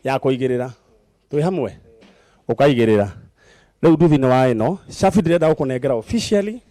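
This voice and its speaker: A man with a Kenyan accent hosting a live TV prize segment, giving brisk instructions to a contestant. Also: mid-range voice, lively intonation, warm tone, no room sound. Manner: brisk, coaxing, gives instructions. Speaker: TV show host. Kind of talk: lively live TV game segment.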